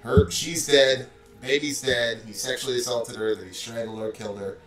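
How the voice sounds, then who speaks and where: Telling a story in a relaxed, filler-heavy way, a man who used to supervise a call center keeps saying "like" and "bro." His mid-range voice is a bit bright, brisk, and fairly even in intonation, captured roomy and far from the mic with faint music.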